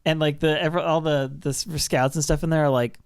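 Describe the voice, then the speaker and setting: An anime podcast co-host in casual chat who laughs often and retells scenes excitedly. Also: mid-range voice, brisk, clean tone, dry recording, clean studio sound.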